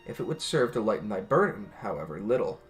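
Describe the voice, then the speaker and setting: A man voicing a solemn male scholar mage who speaks in old-fashioned thee-and-thou phrasing, slow and measured. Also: on the low side, big pitch swings, soft background music. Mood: earnest.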